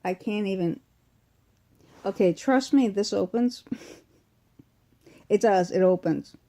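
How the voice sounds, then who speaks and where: A woman's voice: medium pitch, slow, dark tone. A woman with a Massachusetts accent, rambling casually through an unboxing video while sick and weak, full of fillers and restarts, recorded at home on a phone or webcam. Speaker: vlogger. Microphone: phone or webcam close in front.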